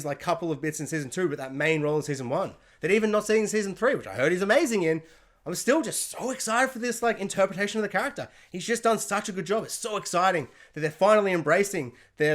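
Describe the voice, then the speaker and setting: An excitable man rants to his camera alone in his room, reviewing spoilers with big emphasis. His delivery jumps from loud outbursts down to low, half-muttered asides. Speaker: pop culture reviewer and podcast host. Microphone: camera mic.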